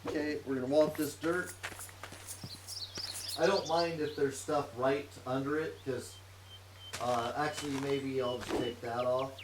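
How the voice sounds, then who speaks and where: A man's voice: medium pitch, steady tone, unhurried, long pauses. Man humming through chatty gameplay commentary. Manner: chatty, hums tunelessly to himself while working. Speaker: streamer playing a modded block game in VR. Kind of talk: casual let's-play commentary. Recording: roomy, distant mic with clear noise.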